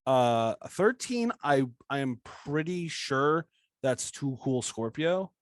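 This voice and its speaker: A man's voice: medium pitch, very animated, slow pace, no echo. Young guy goofing around on a podcast, dry close mic, playful rambly chat. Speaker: podcast co-host. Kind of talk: casual podcast banter.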